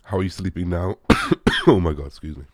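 Very deep-voiced man chatting, dry sound. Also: a little fast, darkish tone, dry recording. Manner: rambling, lots of "like", swears casually. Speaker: bodybuilder answering viewer questions. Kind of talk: casual Q&A chat.

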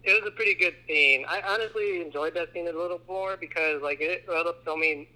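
This is a man co-hosting a casual film podcast, recapping a horror movie plot. His voice is very bright and edgy, a little high for a man, and he keeps jumping into quick character voices. The pace is loose and conversational. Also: poor audio. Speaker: podcast co-host.

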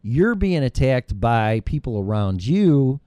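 A man's voice: medium pitch, very animated, slow pace, mellow, clean tone, no room sound. A middle-aged man hosting his own show, delivering a heated, rambling monologue full of profanity. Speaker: show host. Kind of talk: ranting monologue.

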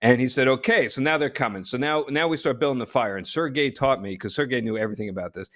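A man from New Jersey telling a long story as a guest, animated, with frequent restarts and laughter. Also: mid-range voice, quick pace. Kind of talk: casual storytelling.

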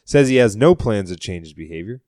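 A man's voice: on the low side, animated, fairly quick, a little mellow, dry recording, clean studio sound. A man hosting a comedy podcast, reacting to clips with profane, mocking commentary and impressions. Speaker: podcast host.

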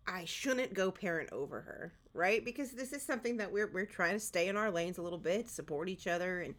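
A woman co-host chimes in with dry, teasing asides during a casual chat. Her pitch swings widely from line to line. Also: expressive, brisk, fairly bright tone. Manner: teasing, wry interjections. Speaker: podcast co-host.

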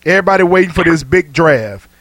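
High-voiced man hosting sports talk. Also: animated, fast, fairly bright tone, no echo. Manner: laughs often, loose and chatty. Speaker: radio show host.

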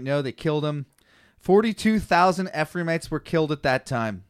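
A man's voice: fairly high pitch, expressive, moderate pace, smooth, dry recording, clean studio sound. A man co-hosting a comedy podcast, reading scripture aloud with stumbles and swearing freely. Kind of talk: casual comedic chat.

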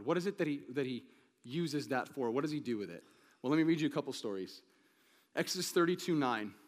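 A man's voice: medium pitch, long reverb tail. A man preaching a conversational sermon to a congregation, asking them questions and acting out the quoted lines. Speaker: pastor.

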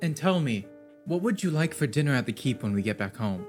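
A man's voice: mid-range voice, sing-song, brisk, darkish tone, faint music behind. A man playing a tabletop game, talking in a playful, upbeat way. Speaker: player.

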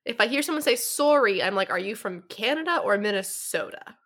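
A woman's voice: mid-range voice, expressive, quick pace, fairly bright tone. A woman hosting a podcast on headphones, teasing her guests in a dry, casual way. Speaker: podcast host. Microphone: headset.

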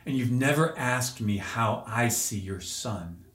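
A man in a podcast interview offers an emotional personal testimony, earnest and searching, with several restarts. His mid-range voice is expressive, slow, and a bit bright, and the space sounds roomy and echoey.

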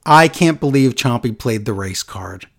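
A man chatting casually on a podcast, animated and acting out quotes in a lowered voice. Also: moderate pace. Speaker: podcast co-host recapping wrestling. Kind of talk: casual chat.

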